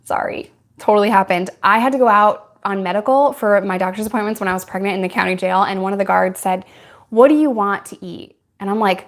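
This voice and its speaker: A woman's voice: medium pitch, fairly even intonation, a little fast. A young woman talking straight to camera, answering questions from her viewers. She is candid and chatty, laughs often, and speaks in an ordinary mid-range voice. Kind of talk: casual Q&A chat.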